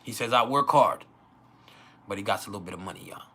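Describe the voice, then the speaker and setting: A man's voice: lowish voice, fast talker, sharp tone, husky. A man hosting a casual astrology livestream, joking and swearing often and laughing.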